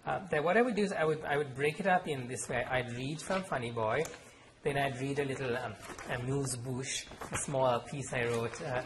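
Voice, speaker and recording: A man from Sri Lanka, an author reading his fiction aloud in measured narration, then chatting with fillers between pieces. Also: medium pitch, noisy background. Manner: measured narration, halting fillers when talking freely. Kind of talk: public reading and talk. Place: lecture room.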